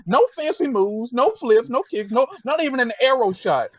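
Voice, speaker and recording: A man's voice: very high-pitched, expressive, normal speed, no room sound, highs cut off. A man co-hosting a casual roundtable chat, talking frankly and rambling with lots of fillers and swearing. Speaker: podcast co-host.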